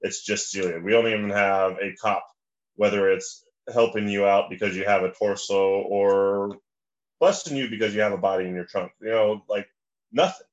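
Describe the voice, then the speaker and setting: A man's voice: lowish voice, steady tone, normal speed. A man chatting casually as a podcast guest, rambling with lots of restarts and fillers. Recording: slightly dull lo-fi audio.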